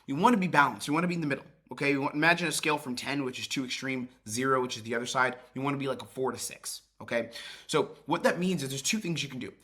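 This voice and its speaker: A man gives a sales training talk in a loose, casual way, now and then swearing and acting out how a call should sound. His voice is bright and a little husky. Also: medium pitch, fast. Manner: demonstrates tones by acting out calls; casual, swears, many restarts. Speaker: sales coach.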